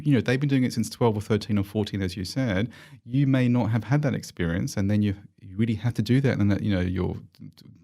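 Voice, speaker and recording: A middle-aged Australian man with a low voice talks as an interview guest. He tells his stories energetically and coaches his listeners, often restarting sentences and filling pauses. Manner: animated, encouraging, with many fillers and restarts. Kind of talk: casual storytelling interview.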